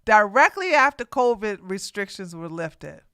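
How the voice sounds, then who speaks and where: A woman's voice: medium pitch, very animated, measured pace, fairly bright tone, smooth, dry recording, studio quality. A woman hosting a live reaction stream, talking back at the video with sassy, offhand remarks. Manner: sassy, interjecting, talks back at the clip. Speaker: livestream host reacting to a video. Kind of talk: casual live reaction chat.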